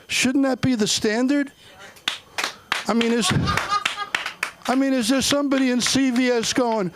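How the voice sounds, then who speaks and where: A middle-aged man doing a stand-up set at an open mic, telling army stories deadpan and acting out the people in them. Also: very high-pitched, unhurried, pauses often, noisy background. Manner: deadpan jokes, acted quotes in voices. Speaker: stand-up comic. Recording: comedy club, audience laughter.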